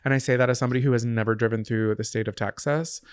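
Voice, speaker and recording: A woman's voice: a bass voice, fairly even intonation, racing, a little mellow, clear, resonant tone. A woman co-hosting a podcast, reading listener stories aloud in a casual, playful way with jokey asides. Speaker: podcast co-host.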